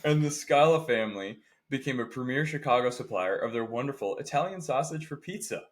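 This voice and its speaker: A man co-hosting a casual podcast, telling stories in an animated way and mimicking the people he describes. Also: mid-range voice, a little fast. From Indiana. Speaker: podcast co-host. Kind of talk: casual chat.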